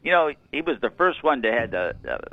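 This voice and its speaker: A man calling in to a radio show and telling a story in a halting way. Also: mid-range voice, very animated, creaky. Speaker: caller. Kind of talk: casual chat on the phone. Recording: dull phone line.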